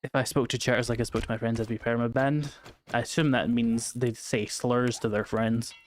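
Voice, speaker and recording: A Scottish man with slight vocal fry, chatting casually and wryly while streaming a game. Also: mid-range voice, little pitch movement, fairly quick, slight background noise. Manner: chatty, wry, reading chat aloud. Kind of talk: casual gameplay chat.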